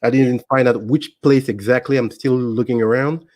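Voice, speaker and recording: Man telling a relaxed personal story. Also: mid-range voice, moderate pace, no echo. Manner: relaxed, anecdotal, with frequent ums and restarts. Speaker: interview guest. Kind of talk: casual storytelling.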